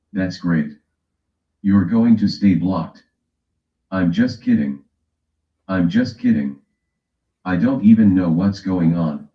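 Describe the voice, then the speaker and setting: A man from the West Coast of the US hosting a casual livestream, teasing his chat and reading a timer aloud. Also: low voice. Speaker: livestream host. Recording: echoey room, dull lo-fi sound.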